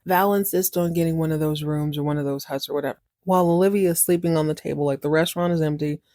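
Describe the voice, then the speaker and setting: A woman hosting a podcast, recapping a TV episode in a chatty, animated way and acting out the characters. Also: lowish voice, no room sound, clean studio sound. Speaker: podcast host.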